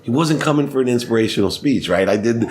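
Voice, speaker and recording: A man being interviewed on a podcast, telling energetic stories and laughing often. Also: medium pitch, quick pace, a little hiss or hum. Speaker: podcast guest, sports marketing CEO. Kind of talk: animated storytelling.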